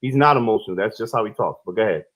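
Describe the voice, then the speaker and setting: A man moderating a discussion panel who cuts in quickly and in a low voice to keep things moving. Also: animated, fairly bright tone, rough recording.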